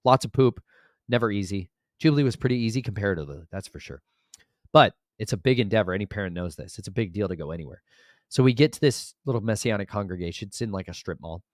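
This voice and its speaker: A young man with a very low voice rattles off a story at high speed, acting out both sides of a conversation. He turns emphatic and preachy when he talks about scripture. The sound is dry and close. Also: no echo. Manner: fast, animated storytelling with quoted dialogue. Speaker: vlogger and author. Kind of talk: casual storytelling vlog.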